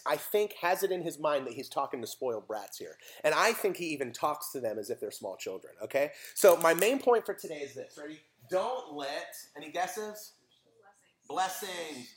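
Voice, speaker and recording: Lively pastor telling stories. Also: male voice, fairly high pitch. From United States. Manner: animated storytelling with acted voices. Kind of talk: sermon.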